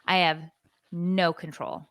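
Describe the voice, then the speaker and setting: A woman in her forties co-hosts a podcast in a rambling, confessional way, with plenty of fillers. Her voice is bright and smooth, a little lower than most. The close mic sounds dry and dead. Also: little pitch movement, slow pace, dry recording. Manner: rambling storyteller, lots of fillers. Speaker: podcast co-host. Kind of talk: casual confessional chat.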